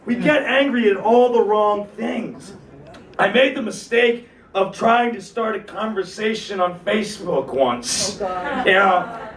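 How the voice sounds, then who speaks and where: A man in his thirties with a very high voice tears through a stand-up set, shouting his rants and laughing through them, swearing freely. He is heard from a distance, and the room around him rings with echo. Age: 30s. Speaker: stand-up comedian.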